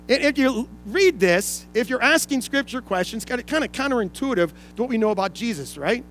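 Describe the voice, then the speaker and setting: Man pastor, high voice, earnest sermon delivery, faint music underneath. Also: lively intonation, brisk, fairly bright tone. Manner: earnest preaching, reading scripture aloud.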